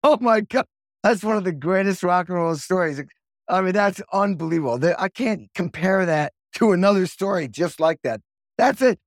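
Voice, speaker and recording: A man hosting a podcast who chats casually and reacts with excitement to his guest's stories. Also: high-pitched, moderate pace, dry recording, studio quality. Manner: enthusiastic, marvels at stories. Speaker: podcast host. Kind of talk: casual interview chat.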